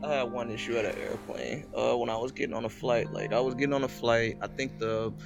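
A man's voice: mid-range voice, fairly even intonation, brisk, creaky, over loud music. A young man in casual chat, blunt and profane, teasing his friends.

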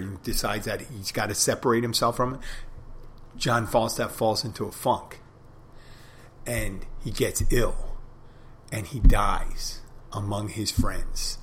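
A man talks alone as a podcast host, slow and unhurried. His voice sits a little low, and he thinks aloud with restarts. A faint hum of ambience runs underneath. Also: fairly bright tone. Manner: reflective, rambling with restarts. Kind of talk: casual monologue.

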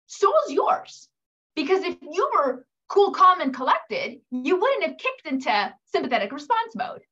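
A high-pitched woman coaching an audience of mothers at a measured, unhurried pace. She speaks to the listeners directly and lively acts out the voices of parents and children. The recording sounds slightly dull and muffled. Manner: animated, acts out quoted voices. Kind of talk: coaching talk.

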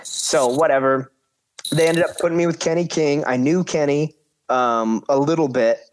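A man's voice: on the high side, moderate pace, a little hiss or hum. A man in his thirties casually telling a story about his wrestling career, acting out quoted voices and swearing freely.

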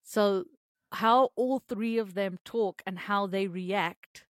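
A woman co-hosting a podcast in casual chat, expressive, swearing and laughing a lot. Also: mid-range voice, slow, no echo, studio quality. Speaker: podcast co-host, parent of three.

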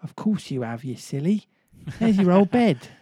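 A man reading a storybook aloud, voicing a gentle, motherly young girl who speaks softly and earnestly. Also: high-pitched, very animated, moderate pace, slightly rough, dry recording, studio quality, pitched above the performer's own voice, heavily acted. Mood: teasing.

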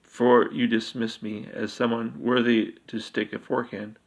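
A bald, aristocratic wizard who schemes and bargains in a dark fantasy storybook, as voiced by a male narrator. His persuasive voice stays even and level and carries a low rasp. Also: lightly acted, rough recording. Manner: persuasive, measured, offhand.

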